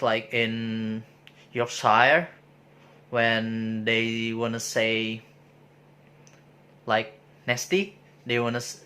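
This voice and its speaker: A man giving an informal spoken lecture, pausing often with filler sounds and restarting his sentences. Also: medium pitch, pushed and bright. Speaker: presenter explaining sociolinguistics.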